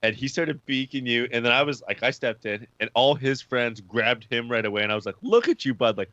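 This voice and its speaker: A man's voice: medium pitch, steady tone, brisk, sharp tone, no room sound. A laid-back man chatting and telling a story in slang, on dull lo-fi audio. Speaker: podcast co-host. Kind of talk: casual chat.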